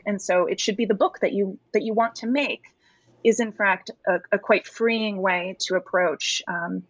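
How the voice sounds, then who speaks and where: A woman author giving an interview, speaking in a measured, articulate way and pausing to search for the right words. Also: medium pitch, no room sound. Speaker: guest author. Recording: dry muffled remote line.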